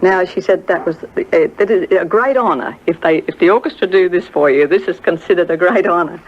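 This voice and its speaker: A woman's voice: fairly low pitch, brisk, muffled recording, a little hiss or hum. An older woman telling a story about a singer she knew, hesitant and full of fillers, acting out what others said. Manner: hesitant, many fillers, acts out quoted voices. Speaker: friend recalling a singer. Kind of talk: reminiscing anecdote.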